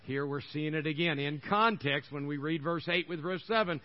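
A man's voice: on the high side, normal speed, few pauses, highs cut off. An older man preaching a sermon as pastor, folksy and conversational, hammering phrases over and over.

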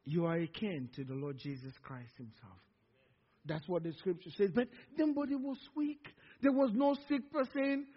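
A man's voice: high-pitched, moderate pace, slightly rough. A male pastor preaching a sermon with call-and-response, stretching out words for emphasis. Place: church sanctuary. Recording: dull lo-fi sound in a reverberant church hall.

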